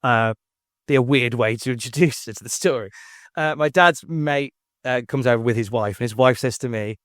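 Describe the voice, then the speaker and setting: A man's voice: normal speed, no room sound, clean studio sound. A man, chatting as a podcast guest, telling rambling stories full of restarts. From England. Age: 40s. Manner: animated storyteller, jumps up in pitch for quoted voices. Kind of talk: casual chat.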